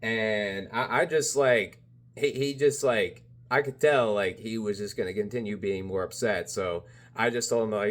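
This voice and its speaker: A man's voice: lowish voice, normal speed. A man vlogging in a casual, rambling monologue, full of "you know", "like" and "bro". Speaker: spiritual vlogger.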